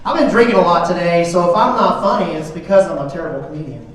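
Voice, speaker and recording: A man's voice: sits high, quick pace, noisy background. A middle-aged man doing a self-deprecating stand-up comedy routine on a club stage, with a dry delivery. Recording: echoey club from far off.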